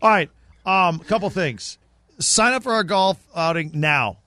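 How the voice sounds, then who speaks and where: A man's voice: high-pitched, expressive, a little slow, sharp tone. A man co-hosting a sports radio show, blunt and teasing, who also reads the station plugs. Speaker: radio co-host.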